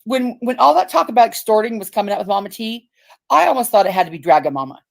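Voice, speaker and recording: A woman's voice: fairly high pitch, lively intonation, fast talker, creaky. A woman hosting a livestream, talking in a blunt, profane and rambling way. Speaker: livestream host. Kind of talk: casual ranting livestream chat.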